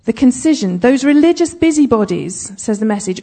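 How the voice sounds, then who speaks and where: A woman leads a Bible study in a relaxed, chatty way, checking in with her listeners and slipping in light asides. Her voice sits a little high but sounds mellow, with a soft husky edge. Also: normal speed, few pauses. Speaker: Bible teacher. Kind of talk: conversational Bible teaching.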